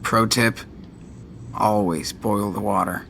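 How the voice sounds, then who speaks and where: A weary teenage boy in a video game, muttering his tired thoughts half to himself. His voice has a rough, gravelly texture. A faint background hiss runs underneath. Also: fairly low pitch, fairly even intonation, takes it slowly, a bit bright, heavily acted. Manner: tired, muttered inner monologue.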